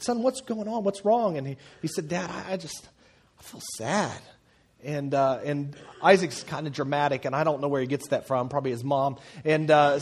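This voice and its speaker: Conversational pastor, a man with higher pitch. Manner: conversational, humorous, frequent fillers and restarts. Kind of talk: sermon. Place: church auditorium.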